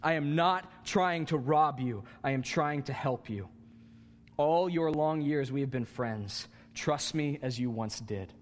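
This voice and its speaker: Gandalf, an old wizard, as a preacher puts him on. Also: male voice, fairly high pitch, lightly acted. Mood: solemn pleading. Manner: slow, solemn, pleading. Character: ancient male wizard, stern yet kindly. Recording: long hall reverb.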